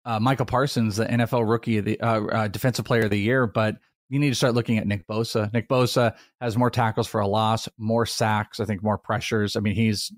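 A man co-hosting a casual football podcast, talking in a rambling, animated way with quick asides. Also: lowish voice, no room sound, clean studio sound. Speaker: fantasy football podcast host. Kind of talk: casual sports chat.

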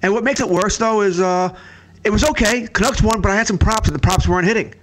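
A sports betting analyst tells a story in an animated, casual way, his high-pitched voice moving at a quick pace and packed with "uh" fillers. There's a little hiss or hum in the audio.

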